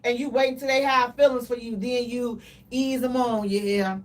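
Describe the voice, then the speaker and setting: A woman co-hosting a casual radio talk show, animated and dramatic, with playful exaggeration. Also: on the high side, normal speed, distant mic.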